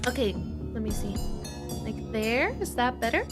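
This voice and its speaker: A young woman streaming a visual novel and chatting live with her viewers, animated, with frequent gasps and laughs. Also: fairly high pitch, normal speed, over loud music. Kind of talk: casual live-stream chat.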